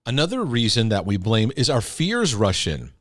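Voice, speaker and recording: A man's voice: mid-range voice, wildly swooping pitch, normal speed, no room sound, studio quality. A man giving an earnest, emphatic teaching talk on healing, sometimes acting out scolding parents. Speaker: Christian teacher and speaker.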